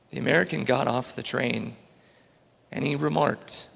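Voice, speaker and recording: A man's voice: mid-range voice, moderate pace, gravelly, husky, in a large hall. A man, an entrepreneur, giving an earnest, story-filled inspirational talk on a large auditorium stage.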